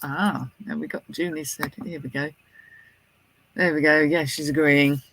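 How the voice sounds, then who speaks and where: A man's voice: a little high, fairly even intonation, fairly bright tone, a little hiss or hum, rough recording. A man co-hosting a casual podcast, reading out listener comments and reacting in a chatty way. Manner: chatty, reacting with quick laughs. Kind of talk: casual chat.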